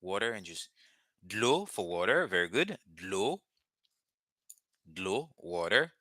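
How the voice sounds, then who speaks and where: Slow, bright-voiced male language teacher. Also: deep voice, sing-song, no echo, clean studio sound. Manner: patient, repeats words slowly for learners. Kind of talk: live online language lesson.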